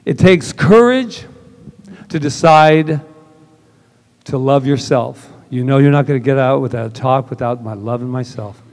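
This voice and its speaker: A man's voice: medium pitch, measured pace, darkish tone. A man giving a casual, conversational sermon at a church service, telling stories and acting out the dialogue. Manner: casual and chatty, acts out quoted dialogue. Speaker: minister.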